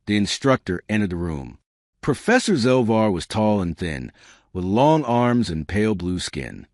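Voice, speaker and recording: A man narrating a science fiction story with steady, scripted delivery. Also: on the low side, unhurried, no room sound, studio quality.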